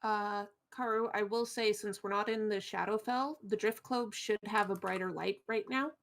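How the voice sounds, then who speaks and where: A woman playing a tabletop game, asking quick questions and reasoning aloud. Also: mid-range voice, fairly even intonation, fairly bright tone. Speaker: player. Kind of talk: casual tabletop game chat.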